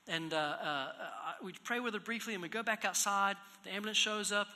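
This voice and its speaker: A man preaching in a church, telling a personal story, moving from hushed, low passages to loud, raised exhortation. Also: brisk. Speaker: pastor. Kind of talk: storytelling sermon. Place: church hall. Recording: echoey hall reverb.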